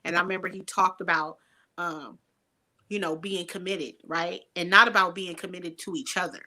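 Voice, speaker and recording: A woman's voice: fairly low pitch, fairly even intonation, normal speed, bright, forceful tone. A middle-aged woman hosting a podcast, talking frankly in casual chat and piling up lists and rhetorical questions. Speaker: podcast host.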